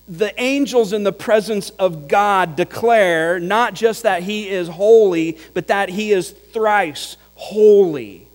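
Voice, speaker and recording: Man, pastor, sermon, slow deliberate delivery, slightly high voice, long church reverb, mains hum. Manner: teacherly, explains with examples and repeats for emphasis.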